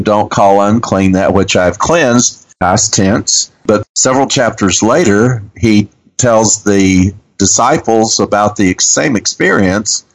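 A man teaching on scripture in an earnest, measured way, pausing often with fillers. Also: fairly low pitch, poor audio. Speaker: Bible teacher. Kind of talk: radio Bible Q&A talk.

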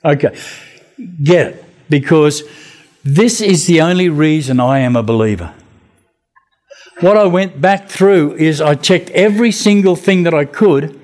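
A man preaching a sermon, telling Bible stories with lively acted-out voices and rhetorical questions. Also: on the high side, measured pace, long pauses. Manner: animated storytelling, acting out biblical voices.

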